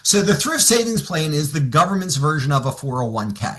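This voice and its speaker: A financial advisor sales trainer with a bright, high-pitched voice and lively, swinging delivery coaches a room on getting client referrals. An animated storyteller, he slips into quick back-and-forth exchanges, playing himself and then his clients in this seminar talk.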